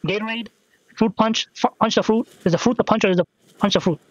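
A young man with a high voice chats loosely while gaming, swearing, joking and cutting himself off mid-thought. The recording is dry and a bit dull and lo-fi. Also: fast talker, no room sound. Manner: rambling, profane, jokey, self-interrupting. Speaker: gaming podcast host. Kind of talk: casual rambling chat while playing.

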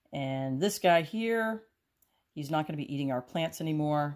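A woman hosting a home and garden vlog, chatting casually and excitably while she cooks in her home kitchen. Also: low voice, low-quality recording. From United States. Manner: chatty, excitable, lots of exclamations.

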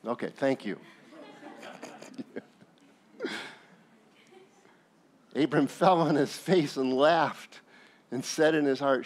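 A man's voice: medium pitch, slow pace, pauses often. A male pastor preaching a sermon, telling the story with jokes and acted asides.

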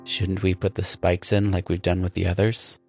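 A man's voice: low-pitched, flat delivery, moderate pace, over music. A man voicing a dim, eager young male demon nephew who speaks in a meek, subdued way.

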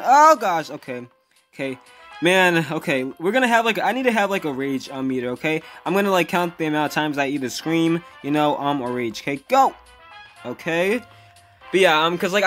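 A man's voice: on the high side, a bit bright. A young man giving casual gameplay commentary as a gaming video host, jumpy and easily frustrated, yelping and raging when he falls.

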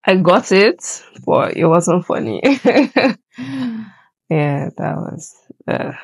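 Woman reaction host, husky and gravelly, unhurried and unimpressed. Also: on the low side, lively intonation, no room sound, low-quality recording. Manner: unimpressed, hesitant, trailing off. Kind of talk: casual reaction commentary.

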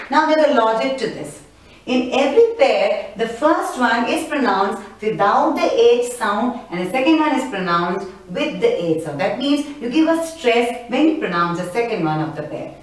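A woman's voice: fairly high pitch, lively intonation, moderate pace. A woman teaching beginners, patiently spelling out letter strokes and sounds one by one. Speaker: Hindi teacher. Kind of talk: slow step-by-step lesson at a board. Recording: distant echoey room.

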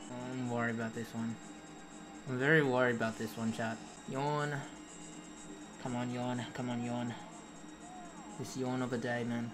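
A woman streaming a video game, chatting casually with her viewers, pleading with the game and bursting into excited shouts. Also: a bass voice, a little slow, long pauses, music in the background. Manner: chatty, greets and answers chat, pleads with the game. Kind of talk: casual live-stream commentary while playing.

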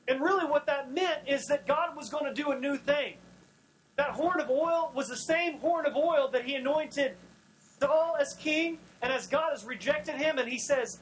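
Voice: high-pitched, moderate pace, a little hiss or hum, low-quality recording. A pastor preaching a sermon in a folksy, storytelling way, acting out the scenes in dialogue. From Oklahoma.

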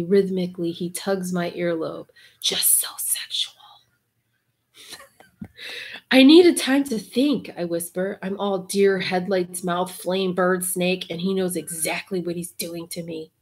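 A woman giving an intimate reading aloud, soft and half-whispered, breaking off for wry, cursing asides. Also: on the low side, flat delivery, a little slow, husky. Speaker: reader and commentator.

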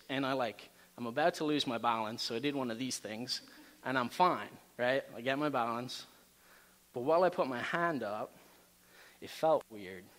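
Man giving a campus talk, casual and animated, telling a story, big hall reverb. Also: medium pitch. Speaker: campus ministry speaker.

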